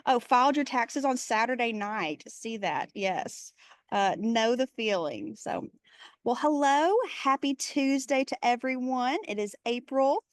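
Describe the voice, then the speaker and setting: A woman's voice: fairly high pitch, lively intonation, measured pace, no room sound, clean studio sound. A woman with a Texas accent hosting an online session by video call, chatty and greeting attendees by name. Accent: Texan. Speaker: webinar host. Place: airport.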